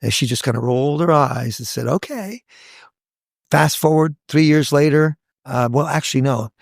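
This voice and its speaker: A man in his sixties, a hair educator, telling stories from his career in a lively podcast chat, acting out the voices of people he quotes. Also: medium pitch, brisk, gravelly, dry recording, studio quality. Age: 60s. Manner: animated storyteller, acts out quoted voices. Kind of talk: casual podcast storytelling.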